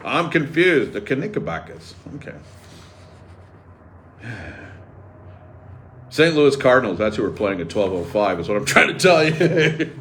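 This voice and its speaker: A man's voice: medium pitch, measured pace, long pauses, slight background noise. A man hosting a sports radio show, riffing and joking sarcastically in casual banter. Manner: animated, sarcastic, riffing jokes. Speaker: radio host.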